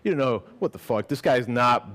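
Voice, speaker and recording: Casual: guy reading his story out loud at a gallery thing, super animated voice, swears when he goes off-script. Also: mid-range voice, moderate pace. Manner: lively and expressive, casual and swearing when speaking off the page. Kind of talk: live reading of fiction, then casual explanation. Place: gallery event before a live audience.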